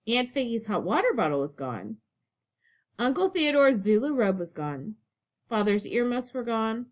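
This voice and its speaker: A woman teacher reads a picture book aloud to young children, taking her time over each line. Her pitch rises and falls with lively expression as she tells the story.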